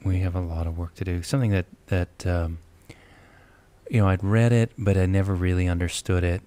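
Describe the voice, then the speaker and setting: A man's voice: sits low, steady tone, fairly quick, warm tone. A man hosting a radio talk show, speaking in a reflective, affirming way with his guest.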